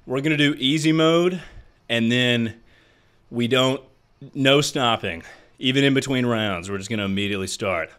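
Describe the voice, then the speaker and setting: A man's voice: mid-range voice, normal speed, a bit bright. A young man streaming a game live, chatting casually and swearing freely as he talks to his chat between rounds. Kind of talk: casual livestream chat while playing. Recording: roomy echo.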